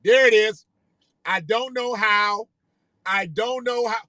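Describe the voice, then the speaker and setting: High, sharp-voiced man ranting casually. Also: slow pace, dry recording. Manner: rambling, profane, repeats himself. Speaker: livestream host. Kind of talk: casual live-stream commentary.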